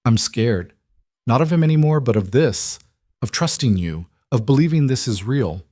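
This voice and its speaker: A man's voice: mid-range voice, expressive, normal speed, darkish tone, no echo, studio quality, voice pushed up, close to an everyday voice. A man voicing a frightened young woman who speaks hesitantly and sounds vulnerable.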